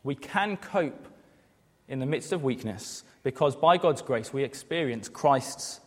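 A man's voice: medium pitch, moderate pace. A man in his thirties preaching a sermon, earnest, asking rhetorical questions and acting out quoted voices. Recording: long hall reverb.

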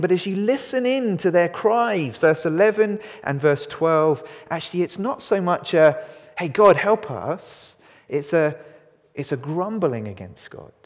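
Guy pastor preaching, lively, asks the room stuff, big echoey hall. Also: a little high. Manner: animated, asks the congregation questions. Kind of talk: sermon. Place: church hall. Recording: long hall reverb.

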